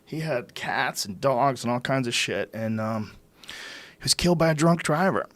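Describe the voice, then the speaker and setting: A middle-aged man, a podcast host, telling casual stories in a relaxed, swearing conversational manner. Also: medium pitch, moderate pace, dry recording. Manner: casual storytelling, heavy swearing.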